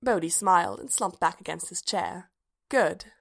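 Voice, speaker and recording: A woman narrating a story aloud in a measured, even-paced reading. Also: fairly low pitch, vocal fry. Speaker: reader.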